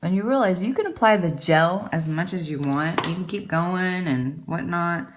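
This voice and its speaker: Chatty, rambling woman with a lowish voice. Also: moderate pace, slight background noise. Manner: chatty, rambling, self-deprecating. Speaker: beauty vlogger. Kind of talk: casual makeup tutorial chat.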